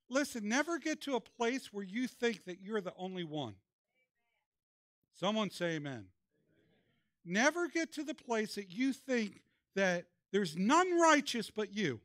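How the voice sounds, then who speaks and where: High-voiced man preaching a sermon. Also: big pitch swings, a little slow, fairly bright tone, no room sound, studio quality. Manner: preaching with call-and-response prompts. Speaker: pastor. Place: church.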